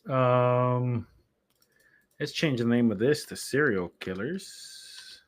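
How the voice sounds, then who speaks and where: With lively intonation and a mid-range voice, a streamer and podcast host takes things slowly while preparing his live show. His talk is casual and wandering, chatty, and full of self-interruptions.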